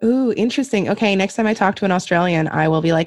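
A woman's voice: mid-range voice, fast, a little mellow, dry recording, faint music behind. A woman hosting a casual podcast chat, laughing often and swearing freely. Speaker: podcast host.

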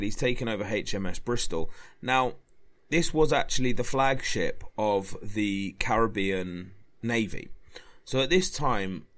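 A man, a historian, talking casually about history, with lots of fillers and restarts. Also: lowish voice. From England. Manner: rambling, many fillers and restarts.

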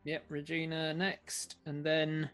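A man runs a tabletop game as game master, with a voice a touch high and an easy, animated delivery. He laughs often between the rolls. Faint music plays behind him. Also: takes it slowly, clean tone.

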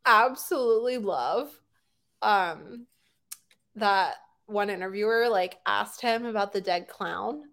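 A woman co-hosting a casual chat, talking quickly with laughing asides. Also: mid-range voice, vocal fry, a bit bright. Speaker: podcast co-host.

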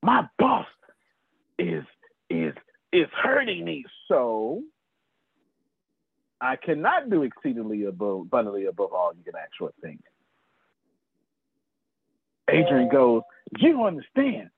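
Fiery husky-voiced man preaching sales. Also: mid-range voice, very animated, takes it slowly, long pauses, no echo. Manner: fiery, talks straight to listeners by name, swears. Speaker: sales trainer. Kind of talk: animated preacher-like teaching. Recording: tinny phone-like video call audio.

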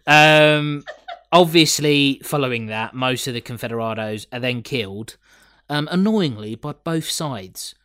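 A man's voice: medium pitch, lively intonation, normal speed, a bit bright, no room sound. Brief: joking podcast host, man, dry close sound, lots of ums. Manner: lots of fillers, jokey, swears. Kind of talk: casual chat reviewing a TV episode.

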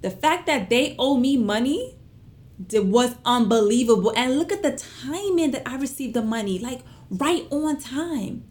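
A young woman telling viewers a personal story in an animated, chatty way, full of fillers and asides. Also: high voice, unhurried. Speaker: vlogger.

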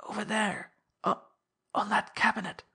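A woman's voice: mid-range voice, steady tone, unhurried, sharp tone, pitched above the performer's own voice, exaggerated voice. A woman playing a frail, frightened old crook. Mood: fearful. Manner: quavering, stammering, breathy whispers.

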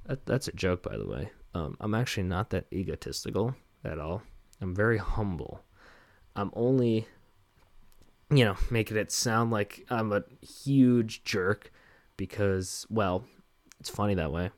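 A young man talks on his own podcast in a lowish voice, rambling and self-mocking, full of fillers and asides. The sound is dry and close, with no room echo. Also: animated, a little slow. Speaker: podcast host. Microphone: handheld microphone with headphones.

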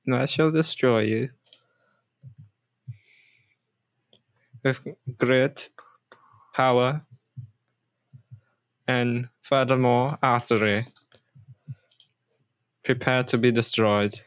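A man's voice: mid-range voice, fairly even intonation, very slow, long pauses, dry recording, clean studio sound. A man voicing a snooty male drow villain in a vaguely German put-on accent, with grandiose, theatrical menace, as a tabletop character. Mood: menacing.

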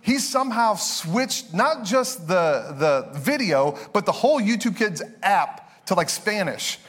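A young man preaches in a relaxed, conversational way, slipping from scripture into quick personal asides. His voice sits a little high for a man. A long hall reverb trails after every phrase. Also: breathy edge. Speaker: pastor. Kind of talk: sermon.

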